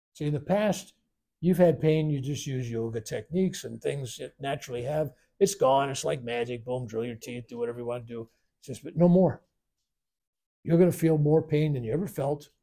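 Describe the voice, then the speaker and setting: A man leading a spiritual workshop, telling a long personal story in a rambling, animated way and acting out the quoted voices. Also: medium pitch. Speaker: spiritual teacher. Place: workshop room.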